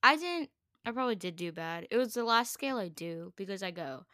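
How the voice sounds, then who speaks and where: A woman's voice: medium pitch, a little fast, no echo, studio quality. A woman co-hosting a podcast, chatting casually and telling stories with lots of giggles. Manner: giggly, animated storyteller. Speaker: podcast co-host. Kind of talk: casual chat.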